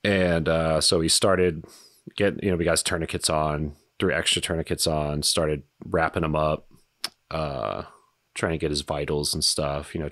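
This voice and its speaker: Very deep-voiced man, halting and dry. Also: fairly bright tone, dry recording. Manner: halting, with many fillers and frequent swearing. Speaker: podcast guest, retired soldier. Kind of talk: casual conversational storytelling.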